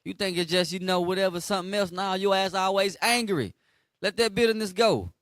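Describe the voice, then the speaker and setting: A man preaches in a blunt, slangy street style, calling on listeners to finish each verse aloud. His voice sits a little high for a man. The sound is dry and close. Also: fairly quick, fairly bright tone, no room sound. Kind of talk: street sermon teaching.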